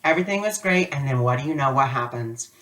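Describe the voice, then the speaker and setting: A man's voice: medium pitch, lively intonation, quick pace, fairly bright tone. A man giving a casual spiritual lesson, telling a personal story in a chatty way with many fillers. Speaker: spiritual teacher. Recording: voice a bit distant from the mic.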